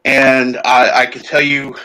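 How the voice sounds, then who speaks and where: A man hosting a casual talk show, his speech halting and full of restarts. His voice sits in a middle register and sounds close and dry, with no room around it. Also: mid-range voice, monotone, bright, forceful tone, dry recording, low-quality recording. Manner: hesitant, many fillers and restarts. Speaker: podcast host. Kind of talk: casual chat.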